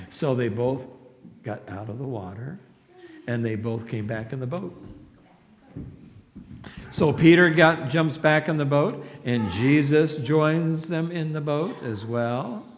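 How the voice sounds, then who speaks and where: A leader telling a Bible story to children in a church, animated and coaxing them to join in. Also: mid-range voice, takes it slowly, long pauses. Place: church sanctuary. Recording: echoey hall with loud background hiss.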